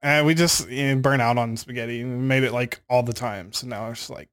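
A man's voice: mid-range voice, fairly even intonation, a little fast, a bit bright. A man in his thirties co-hosting a podcast, laid-back and joking in casual chat, often laughing. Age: 30s. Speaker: podcast co-host.

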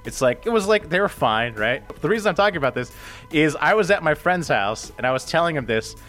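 A man hosting a casual comedy podcast, with a slightly high voice that jumps around a lot. He tells stories loosely and breaks into laughter at his own bits, with faint music underneath. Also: animated, brisk, fairly bright tone. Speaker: podcast host.

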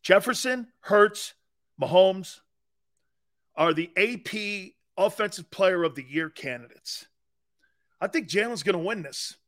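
A man's voice: sits high, lively intonation, a little slow, a bit bright. A man hosting a sports talk show, delivering a brash, opinionated monologue that rambles and repeats its points.

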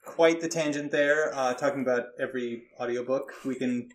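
A man's voice: medium pitch, fairly even intonation, normal speed. A man hosting a podcast, keeping the talk easygoing and steering it along. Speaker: podcast host. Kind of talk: casual podcast chat.

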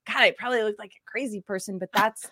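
A woman in her forties co-hosting a podcast, telling a story in a chatty, animated way with laughs. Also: medium pitch, fast, dry recording, studio quality. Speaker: podcast co-host. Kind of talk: casual chat.

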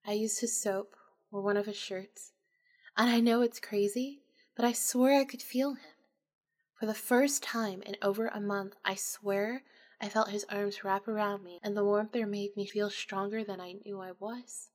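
A woman's voice: mid-range voice, fairly even intonation, moderate pace. A woman narrating a supernatural story in the first person, in an intimate, emotional, confessional way.

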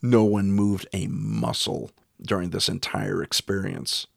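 Gravelly, husky man telling a ghost story. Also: sits low, big pitch swings, unhurried, no room sound, clean studio sound. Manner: chuckling, wry storyteller. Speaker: paranormal investigator.

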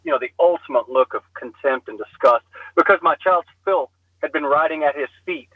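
A man telling a story in casual podcast chat, animated and self-deprecating, often laughing at himself, heard over a phone call. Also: on the high side, fairly quick, slightly rough, no echo. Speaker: guest storyteller. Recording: slightly muffled phone line.

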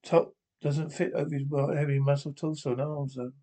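A man's voice: fairly high pitch, little pitch movement, a little fast, warm tone. A man reading a scripted description of a TV episode aloud, naming each speaker before the line. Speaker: audio describer.

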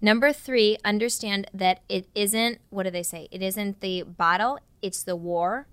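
A woman co-hosting a casual parenting podcast, telling stories and laying out her points one by one in a lively way. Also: mid-range voice, unhurried, smooth, no room sound. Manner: lively, storytelling, lists points. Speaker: podcast co-host.

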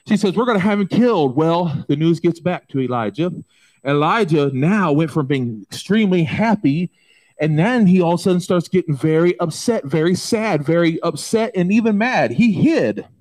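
Lively, dramatic preacher man. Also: fairly high pitch. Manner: dramatic storytelling, swings from loud to hushed; folksy, conversational asides. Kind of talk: sermon.

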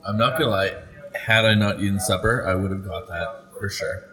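A man's voice: low voice, fairly quick, sharp tone, poor audio. A man in casual food-review chat with friends, laid-back and self-deprecating. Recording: faint background noise.

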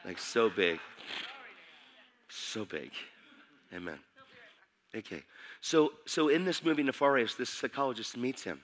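A middle-aged man preaching a sermon, excitable and building in intensity as he goes. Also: mid-range voice, a little slow, pauses often.

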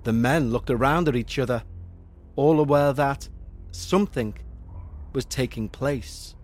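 A man narrating a scripted horror story for a podcast, with a measured, suspenseful delivery. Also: medium pitch, faint music behind.

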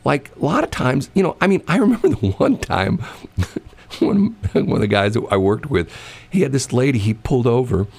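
A man's voice: mid-range voice, big pitch swings, moderate pace, darkish tone, husky. A man hosting a casual talk show. He rambles and fills his talk with "you know" and "I mean". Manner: acts out quoted voices while telling stories. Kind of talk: casual chat.

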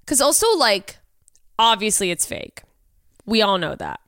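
A woman's voice: medium pitch, sing-song, unhurried, fairly bright tone, dry recording, studio quality. A woman hosting a podcast in casual comedic chat, profane and sarcastic, often laughing in disbelief. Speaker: podcast host.

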